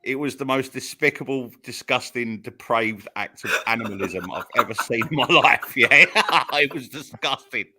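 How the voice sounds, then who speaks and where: A man's voice: mid-range voice, moderate pace, hardly any pauses, pushed and bright, slight background noise. A man on a podcast telling a long rambling story in casual chat, full of restarts and fillers. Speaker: podcast co-host.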